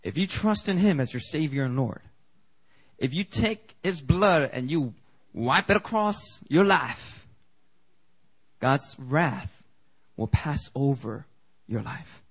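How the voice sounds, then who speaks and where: A man preaching a sermon as pastor in a church, animated and conversational, with quick asides to the congregation. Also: fairly high pitch, husky, low-quality recording. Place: church sanctuary.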